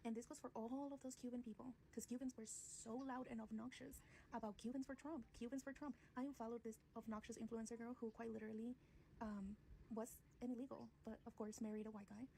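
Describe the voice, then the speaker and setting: Gravelly, dark-voiced woman ranting bluntly. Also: on the high side, little pitch movement, brisk, a little hiss or hum. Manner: blunt, profane, sarcastic. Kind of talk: casual vlog rant.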